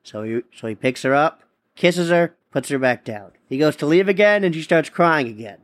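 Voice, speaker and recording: A man's voice: fairly high pitch, animated, moderate pace. A man hosting his own podcast, a stand-up comedian ranting in a rambling, profane casual monologue full of restarts.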